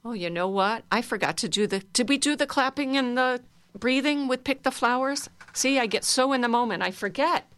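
A woman leading a group through guided laughter exercises, playful and encouraging, breaking into loud laughter. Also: fairly high pitch, fairly quick, no room sound. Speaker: laughter yoga leader.

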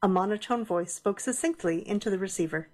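A woman narrates an audio drama in a measured, deliberate way. Her voice sits at an average pitch. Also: noisy background.

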